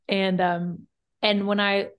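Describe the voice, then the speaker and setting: A young woman with a light Southern accent co-hosts a relaxed podcast. Her pitch sits in a middle range, and her talk is loose and full of "like". She laughs easily between stories. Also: slow pace, smooth. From Virginia, US. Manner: chatty, laughs often, says "like" a lot. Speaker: podcast co-host. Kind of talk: casual chat.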